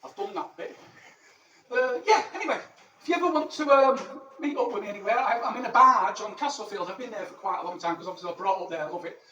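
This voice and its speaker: A man's voice: high-pitched, lively intonation, fast talker, bright, forceful tone. Male comic as boastful Roman legionary, crude and rambling; distant, roomy recording, noisy. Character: cheeky ancient Roman soldier living in Manchester. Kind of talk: character stand-up monologue. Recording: echoey, distant mic, background noise.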